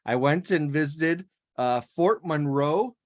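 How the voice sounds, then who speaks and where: A woman's voice: low-pitched, lively intonation, slow. A woman from South Dakota with a Midwestern American accent, co-hosting a podcast in casual chat, laughing and restarting her sentences. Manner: chatty, laughing, many restarts. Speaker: podcast co-host.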